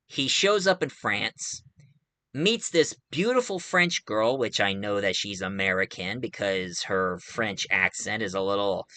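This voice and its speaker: Bright, clear-voiced rambling male reviewer. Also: fairly low pitch, no echo. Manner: rambling, with frequent "uh" fillers. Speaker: movie reviewer. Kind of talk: casual spoken film review.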